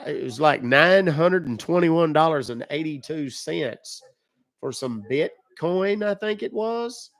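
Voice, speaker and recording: Folksy gullible old man, gravelly, slightly high, dry close mic; a man puts him on. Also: no room sound, heavily acted. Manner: rambling, country turns of phrase. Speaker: scam baiter.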